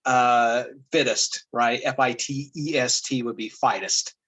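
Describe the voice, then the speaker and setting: A man talks through a spelling lesson as an informal commentator, pausing often and restarting his sentences. His voice is of middle pitch and sounds easygoing, like a teacher thinking aloud over the material. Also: breathy edge, low-quality recording. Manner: relaxed and halting, with many fillers and restarts. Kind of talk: casual spoken commentary.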